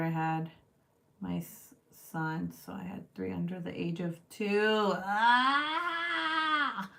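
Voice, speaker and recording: A woman in her thirties hosting a livestream, telling animated, profane family stories and reading out viewer comments in casual chat. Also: on the low side. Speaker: livestream host. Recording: roomy, distant from the mic.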